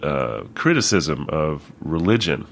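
A man's voice: rumbling low, very animated, slow pace, gravelly, slight background noise. A man in casual conversation about a book, often laughing and speaking hesitantly. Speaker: book discussion co-host.

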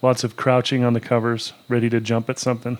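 A man's voice: mid-range voice, monotone, fast talker, a little mellow, a little hiss or hum. A man co-hosting a podcast, talking casually and rambling with fillers. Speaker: podcast co-host. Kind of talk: casual chat.

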